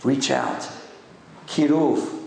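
Older man preaching, gravelly and echoey. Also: mid-range voice, very slow, mellow, a little hiss or hum. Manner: impassioned storyteller, exhorting with rhetorical questions. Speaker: rabbi. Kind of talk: sermon. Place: hall with a congregation. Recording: echoey room.

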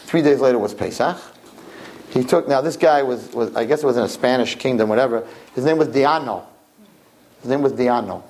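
Religious storyteller man, lively sermon, repeats himself, mid pitch. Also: brisk. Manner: animated, repeats phrases.

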